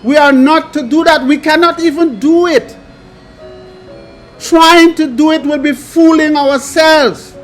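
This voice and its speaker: A man preaching, reading scripture aloud and adding emphatic commentary in a slow, drawn-out delivery. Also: extremely high pitch, fairly even intonation, soft background music.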